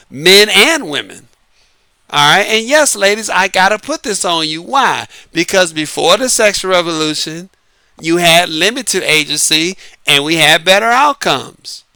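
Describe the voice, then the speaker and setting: A man's voice: high-pitched, vocal fry, sharp tone, smooth, no echo. A man talking casually to his viewers in a monologue, laughing often and using slang. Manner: laughs often, uses Southern-flavored slang. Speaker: online commentary host.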